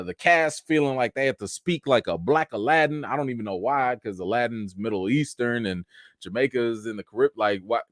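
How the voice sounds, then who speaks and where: A young man hosting a live chat show, animated commentary with mocking asides and rising near-shouts. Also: medium pitch, no echo, studio quality. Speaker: show host.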